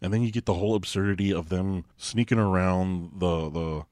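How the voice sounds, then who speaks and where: A man co-hosting a casual movie podcast with a rather low voice. He moves the discussion along point by point, working from his notes. The recording is dry and close. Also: brisk, a little mellow, no room sound. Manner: steers the talk, brings up points from his notes. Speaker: podcast co-host. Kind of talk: casual movie-review chat.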